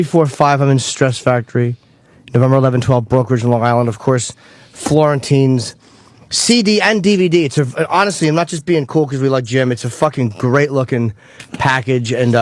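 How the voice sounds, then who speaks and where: A man's voice: medium pitch, moderate pace, no room sound. A man co-hosting a radio show, reading out plugs in wry casual chat. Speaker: radio co-host.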